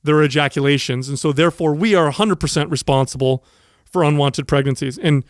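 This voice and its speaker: A man with a fairly high voice tells a story on a podcast. He talks casually, animated, and acts out the people in his story. The sound is close and dry. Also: a little fast, no echo. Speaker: podcast co-host.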